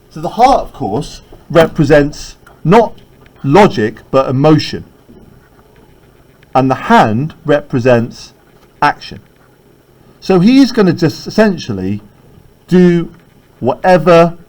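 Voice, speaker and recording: Male teacher, classroom lesson, animated pitch, chatty check-ins. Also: takes it slowly, long pauses, low-quality recording. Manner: conversational, keeps checking with "right?".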